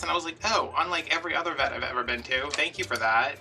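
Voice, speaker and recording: A man's voice: mid-range voice, brisk, gravelly, distant mic, faint music behind. Chatty man telling a story. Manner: chatty, animated, acts out quotes. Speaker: craft vlogger. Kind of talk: casual storytelling while crafting.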